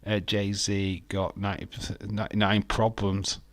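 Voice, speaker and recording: A man's voice: lowish voice, monotone, moderate pace, no room sound. A man hosting a live wrestling watch-along, chatting casually in a sarcastic, joking way and swearing freely.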